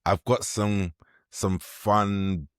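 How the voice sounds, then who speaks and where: A man hosting a podcast, asking relaxed, lively questions and giving quick affirmations. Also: fairly low pitch, smooth, dry recording, studio quality. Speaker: podcast host. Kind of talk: casual podcast interview.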